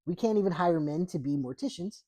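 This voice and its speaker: A woman's voice: fairly low pitch, animated, a little fast, dark tone. A woman hosting a book reading, breaking off often for sarcastic, profane political commentary. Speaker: host reading a book aloud.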